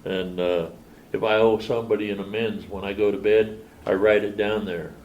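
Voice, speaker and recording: A man's voice: fairly low pitch, fairly even intonation, normal speed, a little mellow, muffled recording, slight background noise. An older man telling his recovery story at a meeting, plain-spoken and folksy. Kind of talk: personal testimony at a meeting. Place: meeting room.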